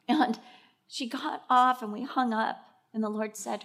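A middle-aged woman preaching a sermon. She tells stories in an animated way and acts out the voices. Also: on the high side, a little slow.

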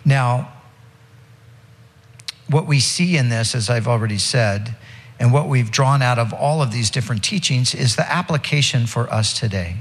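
A man's voice: mid-range voice, moderate pace, big-room sound. A male pastor preaching an expository sermon, explaining scripture with frequent restarts and fillers.

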